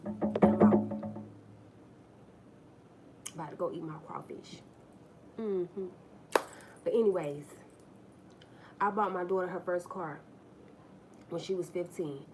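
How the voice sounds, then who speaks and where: A woman's voice: lowish voice, slow pace, pauses often, over music. Blunt, profane woman telling stories live. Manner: blunt, profane, talks straight to viewers; acts out the people in her stories. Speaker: livestream host. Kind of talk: casual live-stream storytelling.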